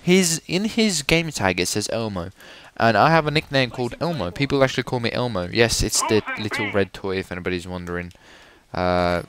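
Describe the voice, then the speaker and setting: Sarcastic, swearing young gamer. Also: male voice, fairly low pitch, expressive, fairly quick, a bit bright. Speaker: gameplay commentator. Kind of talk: casual profane gameplay commentary.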